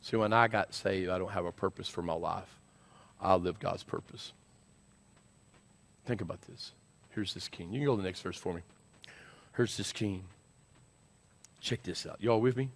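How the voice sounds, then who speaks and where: A man preaching an animated sermon as senior pastor, urging the crowd with call-and-response. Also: low voice, normal speed, pauses often.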